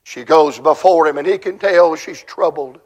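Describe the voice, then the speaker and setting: A man preaching a sermon in church, telling a story with dramatic, shouted climaxes. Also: a little high, moderate pace, husky.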